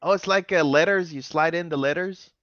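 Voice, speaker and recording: A man hosting a casual chat over a video call, lively and laughing often. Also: a little high, a little fast, no echo, highs cut off. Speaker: host.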